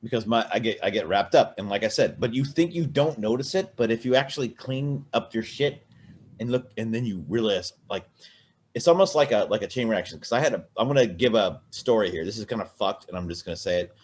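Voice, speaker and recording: Man, lower voice, casual podcast co-host, rambling and profane. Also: fairly quick, breathy edge. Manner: rambling, profane, many restarts. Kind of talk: casual drunken chat.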